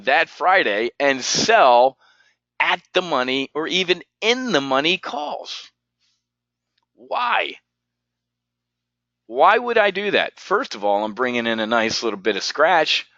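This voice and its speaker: Guy running a trading webinar, bright punchy voice, dry slightly muffled sound, keeps asking "what?". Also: medium pitch, no room sound. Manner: animated, talks to viewers by name, asks rhetorical questions. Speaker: options trading instructor. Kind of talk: live webinar teaching.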